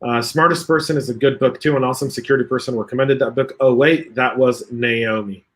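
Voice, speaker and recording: A man hosting a relaxed livestream and reading viewer comments between jokes, talking in an easy, chatty way. His voice sits in an ordinary middle pitch, as it would over a video call. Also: fairly quick. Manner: chatty, reads viewer comments aloud, jokey. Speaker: podcast host reading live chat. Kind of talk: casual livestream chat.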